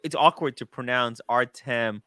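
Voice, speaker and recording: Bright, dry-sounding man hosting. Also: medium pitch, normal speed, clear, resonant tone, no room sound. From raised partly in the United States. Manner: agreeable, reads out viewer donations. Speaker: host. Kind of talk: casual chat.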